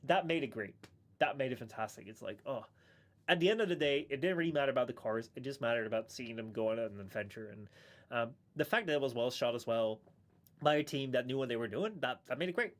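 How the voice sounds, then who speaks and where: A man's voice: mid-range voice, fast. A man chatting casually on a live stream, rambling with many restarts and chuckles.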